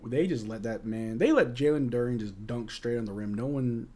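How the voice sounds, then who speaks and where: A man's voice: medium pitch, expressive, fairly quick, hardly any pauses, dark tone, slight background noise. A young American man hosting a live game watch-along, reading out chat questions and reacting to plays as a frustrated fan in casual, slangy banter. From United States.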